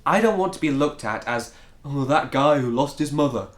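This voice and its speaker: A man's voice: medium pitch, animated, normal speed, lightly acted. A man playing a hesitant, grieving writer. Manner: hesitant, stammering. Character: grieving, blocked male writer. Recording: roomy echo.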